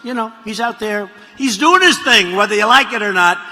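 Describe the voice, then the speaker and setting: A man's voice: high-pitched, lively intonation, brisk, sharp tone, soft background music. A man speaking at a political rally, rambling and mocking, repeating his lines and drifting into asides. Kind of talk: rally speech. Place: large rally venue. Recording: reverberant hall audio.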